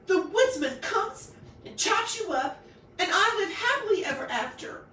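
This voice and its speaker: A woman puts on a bossy little girl from a storybook, shrill and demanding. Her bratty voice leaps high and swings wildly, and it sounds off-mic in an echoey room. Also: sing-song, normal speed, fairly bright tone, far from the mic, slight background noise. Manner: demanding, wailing, stomping tantrum.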